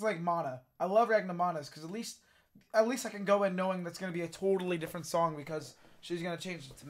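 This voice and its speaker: Hoarse young man reacting casually. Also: on the high side. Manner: excitable, swears casually, laughs often. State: hoarse, losing his voice. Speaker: reaction video host.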